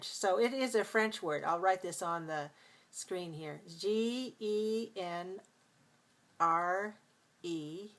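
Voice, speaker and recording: A woman's voice: medium pitch, fairly bright tone. Woman, pronunciation teacher, patient step-by-step classroom explainer. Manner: patient, explains step by step, repeats words slowly. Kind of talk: live class lesson.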